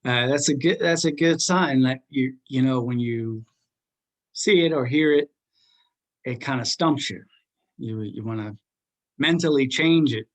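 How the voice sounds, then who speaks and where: A man's voice: medium pitch, a little slow, long pauses. Rambling, joking male teacher. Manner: rambling, joking, full of fillers. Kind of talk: casual classroom talk.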